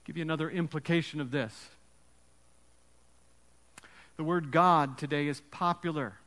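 A man preaching a sermon with an emphatic storytelling delivery and dramatic pauses. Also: fairly high pitch, a bit bright, in a large hall. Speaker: pastor.

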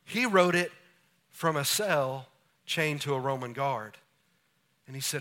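A man preaching a sermon as pastor, animated, often acting out little scenes for his listeners. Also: fairly high pitch, unhurried, long pauses.

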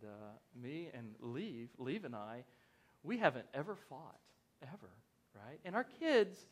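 Male pastor, thirties, high-pitched, casual and conversational sermon style. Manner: conversational and animated, asks the congregation questions.

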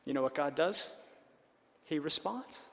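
A man with a notably high voice preaching a sermon, talking casually and checking in with his listeners as he goes. His voice rings out with a long reverb tail, as if in a big room. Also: expressive, measured pace, creaky. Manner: conversational, checks in with listeners by asking "right?". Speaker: pastor.

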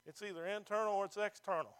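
A man's voice: high-pitched, steady tone, fast, a bit bright, smooth. A male pastor preaching a sermon to his congregation in a church, emphatic and throwing rhetorical questions at the listeners.

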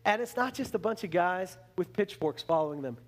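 A man preaching a sermon in an animated way, repeating words and restarting phrases as he acts out the people he talks about. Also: fairly quick. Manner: animated, acts out the complaining Israelites in a higher voice.

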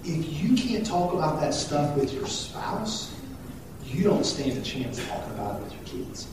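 A man in his thirties, a pastor giving a conversational, animated sermon with asides and jokes. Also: fairly high pitch, unhurried. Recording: echoey hall, speaker far from the mic, faint noise.

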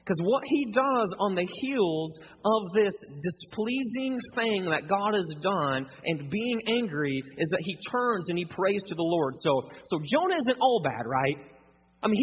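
Husky high-voiced guy preaching, acts out little dialogues, long church-hall echo. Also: a little slow, slight background noise. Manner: animated, acts out dialogue, conversational asides. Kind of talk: sermon.

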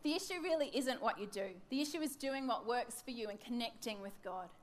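A woman's voice: a little high, fairly quick. A woman in her thirties giving a devotional teaching talk, candid and self-mocking, acting out her own wandering thoughts. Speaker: church teacher.

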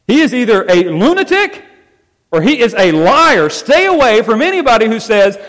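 A man preaching a sermon as pastor, with animated emphasis that rises and falls as he drives his points home. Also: very high-pitched, moderate pace. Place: church sanctuary. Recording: long reverb of a church hall.

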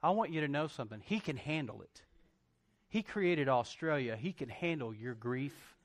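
A man's voice: mid-range voice, lively intonation, moderate pace. A male pastor, telling a personal story in a sermon and speaking straight to his congregation.

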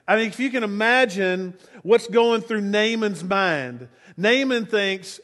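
A male pastor preaching a sermon in a relaxed, storytelling way. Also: sits high, moderate pace.

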